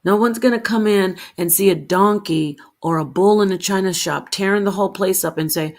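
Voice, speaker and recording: A woman's voice: mid-range voice, brisk, hardly any pauses. A woman hosting a livestream, talking to her chat, correcting herself as she goes and addressing viewers by name. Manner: self-correcting, animated, talks to herself and viewers. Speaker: livestream host. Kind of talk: solo livestream talk to chat.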